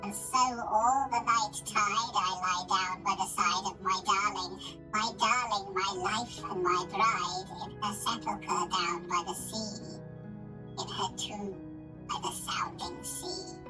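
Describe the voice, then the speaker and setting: A man using a chipmunk pitch-shift filter to give a melodramatic, drawn-out reading of a poem. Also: steady tone. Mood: mournful. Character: squeaky chipmunk-voiced poetry reader, melodramatic. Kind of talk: dramatic poetry reading. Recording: distant voice over loud music.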